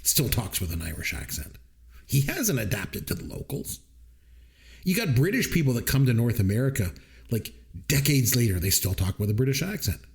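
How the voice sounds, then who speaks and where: A man's voice: mid-range voice, moderate pace, gravelly. A middle-aged man co-hosting a podcast, chatting casually about a movie and acting out quotes in different voices. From Canada. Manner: animated storytelling, quotes people in voices. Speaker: podcast co-host. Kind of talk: casual movie-review chat.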